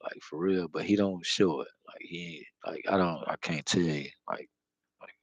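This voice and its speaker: A man with a low, gravelly voice rambles through an unscripted spiritual monologue, peppered with slang, cursing and constant fillers. He sits close to the mic in a dry, dead-sounding space with no room echo. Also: normal speed, muffled recording. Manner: slangy, profane, filler-heavy storytelling. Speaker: spiritual vlogger.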